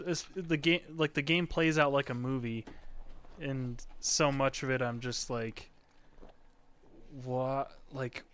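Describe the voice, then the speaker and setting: A man talking on a casual gaming podcast, slow and unhurried, stopping often for ums and restarts. His voice is bright and crisp, with a clean, smooth tone and a wry edge. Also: mid-range voice. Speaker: podcast co-host.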